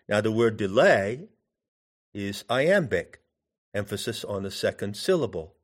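A man teaching in a deliberate way, pausing to put questions to the listener. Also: fairly low pitch. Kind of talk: meditative teaching talk.

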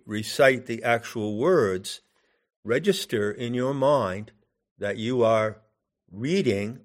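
An older man giving a measured, deliberate lecture on poetry, lingering on key words as he explains them. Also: lowish voice. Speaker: teacher.

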